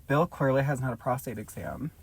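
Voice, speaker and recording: A woman's voice: rumbling low, very animated, brisk, breathy edge, no room sound. Crude, joking woman host reading aloud. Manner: swears freely, breaks off reading to joke. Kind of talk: casual comedic reading and chat.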